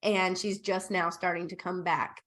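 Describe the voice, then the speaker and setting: A bubbly woman guest on an interview podcast, telling a story with lively energy. She acts out the dialogue as she goes and keeps a casual, conversational flow. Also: on the low side, normal speed. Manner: bubbly, animated retelling with acted quotes. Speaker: podcast guest, operations consultant.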